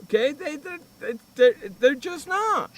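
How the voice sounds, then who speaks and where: Lively high-voiced man ribbing his co-host. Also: measured pace. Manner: loud, teasing, repeats himself, swears. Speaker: sports radio host. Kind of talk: casual radio banter.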